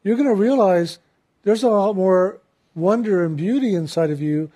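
A man giving a reflective spiritual talk as a teacher, gentle in tone and laughing easily while he tells a story. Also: high voice, normal speed.

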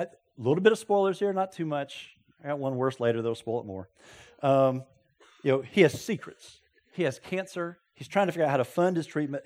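A man preaching a sermon, telling stories with folksy asides and sudden loud exclamations. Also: medium pitch. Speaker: pastor.

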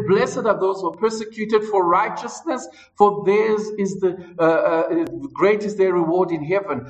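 High-voiced preacher, a bit off-mic. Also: male voice, far from the mic, rough recording. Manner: emphatic, repeats phrases for stress. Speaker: pastor. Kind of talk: sermon. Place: church service.

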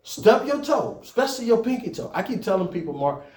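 High-voiced preaching man, echoey hall. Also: very animated, fairly quick, darkish tone. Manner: conversational preaching with rising emphatic peaks. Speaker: pastor. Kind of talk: sermon to church leaders. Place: church.

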